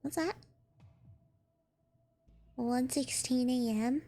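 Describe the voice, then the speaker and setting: A woman's voice: high-pitched, extremely slow, mellow. A woman streaming a horror game, chatty and jumpy, laughing nervously when scared. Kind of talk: horror game let's play.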